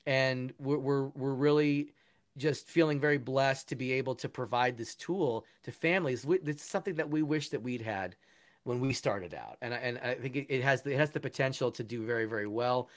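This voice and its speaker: A man's voice: medium pitch, moderate pace. A man talking as an interview guest, earnest and enthusiastic, often restarting his sentences. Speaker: guest, musician and education founder. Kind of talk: casual interview talk.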